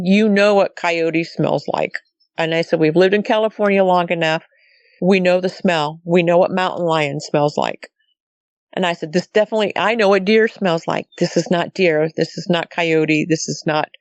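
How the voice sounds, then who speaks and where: A woman's voice: on the low side, no room sound. A woman recounting an outdoor night story in chatty storytelling style, from Montana, often quoting others with "he goes" and "I said". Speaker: guest telling a sighting story. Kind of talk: casual storytelling.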